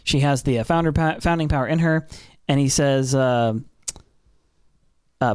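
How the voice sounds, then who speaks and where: A young man talks through an anime episode on his podcast, animated and full of restarts. His voice sits at a middle pitch. The sound is close and dry, with no room around it. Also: moderate pace, long pauses, smooth, dry recording. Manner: animated, lots of fillers and restarts. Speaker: podcast co-host. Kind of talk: casual podcast recap.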